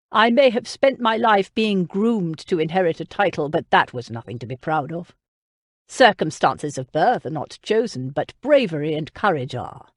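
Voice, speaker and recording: A man's voice: sits high, dry recording, clean studio sound. Donald, an earnest noble earl, read by a woman. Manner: earnest, heartfelt letter.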